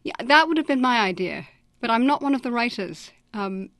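A woman's voice: fairly high pitch, animated, moderate pace, a bit bright, dry recording. A woman guest on a radio call-in show, talking about her acting work with a wry, self-mocking manner and frequent laughter, from a remote studio. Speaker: guest actor. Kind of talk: radio interview. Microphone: studio mic at a remote station.

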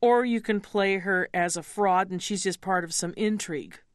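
A middle-aged woman opera singer talks about her roles in a thoughtful, candid manner. She speaks at an ordinary middle pitch. The studio sound is dry and close, with no room echo. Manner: thoughtful, candid, coaches pronunciation slowly. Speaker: opera singer, mezzo-soprano guest. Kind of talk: interview conversation.

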